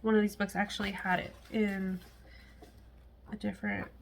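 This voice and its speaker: A woman's voice: medium pitch, flat delivery, normal speed, creaky, a little hiss or hum. A woman chatting casually to camera at home as a cross-stitch vlogger, rambling with frequent laughs and asides.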